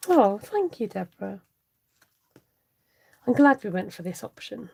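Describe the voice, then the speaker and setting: Husky, slow-talking craft host. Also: female voice, medium pitch, sing-song. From United Kingdom. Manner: chatty and giggly, reading out viewer comments. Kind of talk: live-stream craft tutorial chat.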